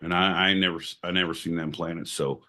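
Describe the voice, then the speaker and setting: A man's voice: deep voice, fairly even intonation, quick pace, sharp tone. A man doing a drawling Alabama good ol' boy. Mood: folksy. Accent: put-on Alabama.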